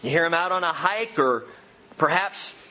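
A man's voice: fairly high pitch, lively intonation, moderate pace, bright, forceful tone, lo-fi sound. A man preaching a sermon, earnest and emphatic, asking his listeners question after question. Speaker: pastor.

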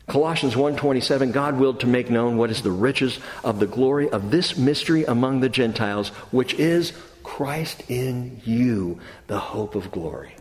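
A man preaching a sermon as pastor, animated, moving from soft low scripture quotes to excited high asides. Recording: echoey hall with long reverb.

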